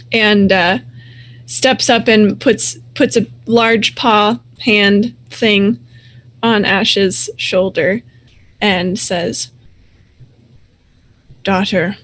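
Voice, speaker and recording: A woman acting as game master narrates a tabletop game, describing scenes in a relaxed way with fillers. Her mid-range voice moves very slowly, with long pauses.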